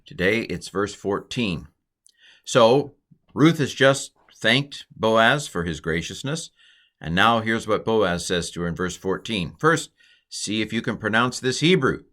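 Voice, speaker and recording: A man's voice: lowish voice, animated, measured pace, a bit bright. A man giving an informal Hebrew grammar lesson, explaining step by step with chatty, playful asides. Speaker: Hebrew teacher.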